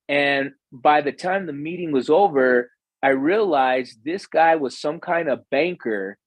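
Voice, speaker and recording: The recording is rough with no room sound, capturing a fairly high-pitched American man. As a podcast guest who invests in real estate, he shares sincere personal stories reflectively and conversationally, dropping in the occasional filler.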